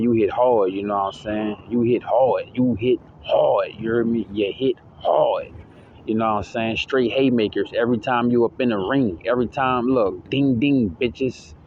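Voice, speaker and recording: A man giving a slangy, preachy motivational monologue, repeating himself and checking in with the listener constantly. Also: lowish voice. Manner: slangy, repeats "you know what I'm saying"; preachy, hyped, repetitive. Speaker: self-help vlogger. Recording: dull lo-fi audio with faint noise.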